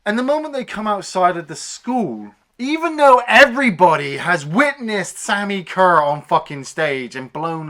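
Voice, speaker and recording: A man co-hosting a film review podcast, retelling the plot in a casual, animated way, swearing freely and acting out scenes. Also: sits high.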